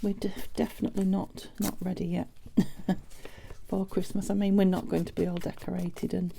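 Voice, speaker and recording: A British woman chatting casually as she makes junk journal pieces, thinking aloud with soft half-whispered asides. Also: lowish voice, flat delivery, normal speed, vocal fry, a little hiss or hum. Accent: British English. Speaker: craft vlogger. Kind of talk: casual crafting chat.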